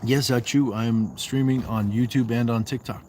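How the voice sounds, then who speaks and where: A man from the Southwest United States hosts a casual livestream out on a walk, his mid-range voice fairly even in intonation at a moderate pace amid background noise. He reads viewer comments out and responds with bantering, playful asides.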